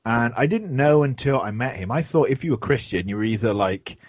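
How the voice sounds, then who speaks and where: A man's voice: mid-range voice, expressive, a little fast, dry recording. A man, chatting casually and telling rambling stories with plenty of swearing. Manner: swears a lot, rambling storyteller. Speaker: podcast host. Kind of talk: casual chat.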